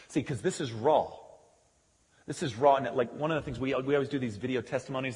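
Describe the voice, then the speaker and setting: A man preaching a sermon as pastor, emphatic, moving from loud declarations to quiet conversational asides. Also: mid-range voice. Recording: long hall reverb.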